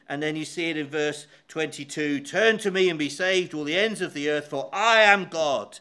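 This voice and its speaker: A man preaching a sermon, walking through a Bible passage in a measured, emphatic way, with frequent hesitations. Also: fairly high pitch, bright, forceful tone, clear, resonant tone.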